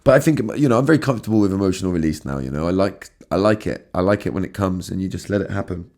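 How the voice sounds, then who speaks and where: A low-pitched, darkish voice comes very fast and expressive from a podcast host who has been crying. In his emotional solo monologue he talks earnestly, repeatedly stumbles and restarts his words, and swears casually.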